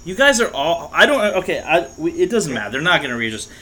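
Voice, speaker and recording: Male podcast co-host, bright and slightly high voice, sardonic and profane, blunt delivery. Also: very animated, fast, poor audio. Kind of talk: casual chat.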